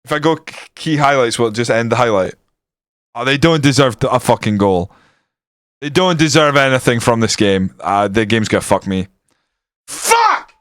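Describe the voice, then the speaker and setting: Young streamer, potty-mouthed and volatile, smooth voice, dry close sound. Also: male voice, mid-range voice, moderate pace, no echo. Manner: swears constantly, yells at the match. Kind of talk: live game-stream commentary. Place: room at home with window open.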